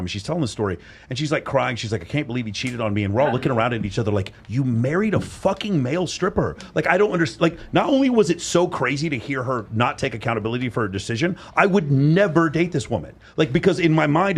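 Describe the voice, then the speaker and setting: Blunt fast-talking man, profane and emphatic. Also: mid-range voice, husky. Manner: blunt, profane, acts out quoted speech in raised voice. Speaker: podcast host. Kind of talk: candid panel discussion.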